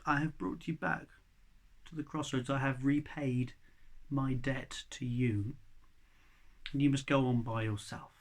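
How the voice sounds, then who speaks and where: A male storyteller voicing a loyal grey wolf, speaking slowly, solemn and low. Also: steady tone.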